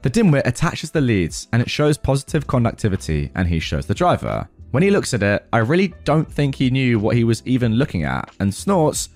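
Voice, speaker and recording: A man's voice: mid-range voice, very animated, fairly quick, hardly any pauses, a little mellow, dry recording, faint music behind. A man narrating a work story in a wry, colloquial, casual way. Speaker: storyteller on his channel.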